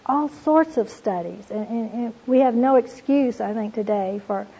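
A woman's voice: on the high side, normal speed, vocal fry, warm tone, slightly rough. A woman teaching from the Bible in an earnest, storytelling way, reading passages aloud and speaking to listeners as "you all". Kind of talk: devotional teaching talk. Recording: dull lo-fi recording.

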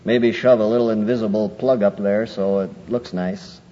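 A man preaching a sermon, lively and conversational, acting out people's excuses in a raised voice. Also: normal speed. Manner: animated, acts out quoted excuses in a higher voice. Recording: muffled old hall recording with faint noise.

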